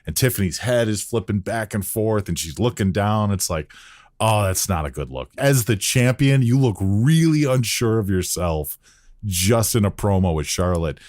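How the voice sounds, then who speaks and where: A man's voice: fairly low pitch, lively intonation, normal speed, darkish tone, no echo, studio quality. A man hosting a wrestling podcast, reading the live chat aloud and breaking down promo clips. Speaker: podcast host.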